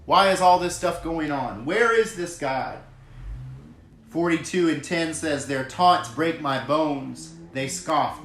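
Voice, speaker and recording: A man's voice: medium pitch, fairly bright tone, slight background noise. A man preaching a sermon as pastor, earnest and emphatic, stretching out key phrases and reading scripture aloud. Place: church hall. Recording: echoey room.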